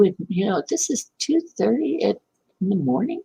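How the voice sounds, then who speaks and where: A woman's voice: medium pitch, big pitch swings, normal speed, creaky, dark tone, slightly rough. A woman casually recounting a dream and a night phone call, rambling and correcting herself, often laughing. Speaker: channel host. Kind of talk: casual storytelling to camera.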